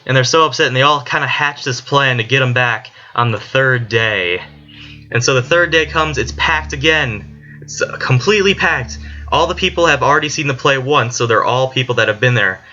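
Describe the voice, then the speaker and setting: A man's voice: mid-range voice, normal speed, sharp tone. A man, a student, giving a casual spoken summary of a book chapter, rambling along with many "like" fillers. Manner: rambling retelling full of "like" fillers. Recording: dull lo-fi recording with faint music.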